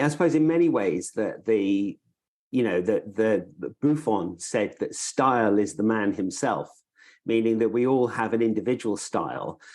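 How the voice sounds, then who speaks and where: A man's voice: fairly low pitch, a little mellow. A man hosting a podcast, asking thoughtful questions with a hesitant, searching delivery. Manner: thoughtful, hesitant, many restarts. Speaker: podcast host. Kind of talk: casual podcast interview.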